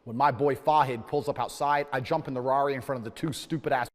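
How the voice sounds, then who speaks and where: A man's voice: mid-range voice, steady tone, quick pace, big-room sound. A man telling a heated, profane anecdote, ranting in exasperation. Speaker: storyteller. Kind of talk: animated anecdote.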